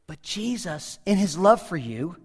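A man's voice: sits high, sing-song, unhurried, breathy edge. A pastor preaching a sermon, talking casually with asides and humor as he walks through a passage. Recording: hall reverb.

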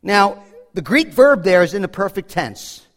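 A man's voice: high voice, very animated, measured pace, a bit bright. A man preaching a sermon as pastor, in an earnest, conversational way with frequent restarts. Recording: long hall reverb.

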